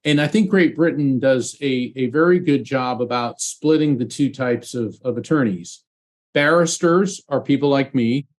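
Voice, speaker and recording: Earnest male storyteller, ex-trial-lawyer type, mid-pitched, animated, restarts often. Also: moderate pace. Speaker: psychic medium guest, former trial lawyer. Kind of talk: storytelling interview talk.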